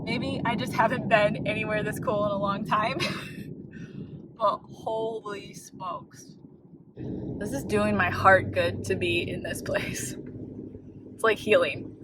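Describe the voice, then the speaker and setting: A woman's voice: medium pitch, steady tone, takes it slowly, long pauses, very noisy. A middle-aged woman from the United States, chatting casually as a travel vlogger, laughing often and talking with enthusiasm from her car and outdoor overlooks.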